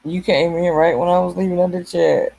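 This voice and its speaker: A woman's voice: fairly low pitch, fairly even intonation, fairly quick, gravelly, dark tone. A woman hosting a casual late-night livestream, chatting with viewers by name and laughing often. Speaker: livestream host.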